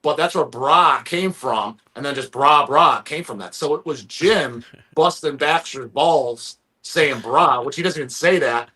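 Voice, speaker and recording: A man's voice: on the high side, measured pace, hardly any pauses, bright, forceful tone, breathy edge. A man hosting a casual live-stream chat, rambling and profane, often stumbling over restarts. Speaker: stream host.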